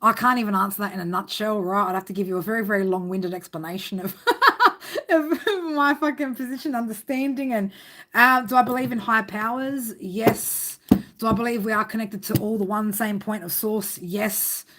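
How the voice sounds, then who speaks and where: A woman's voice: mid-range voice, normal speed, fairly bright tone. A woman reading tarot on a live stream, chatting casually with viewers, rambling, swearing a lot and laughing often. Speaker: tarot reader.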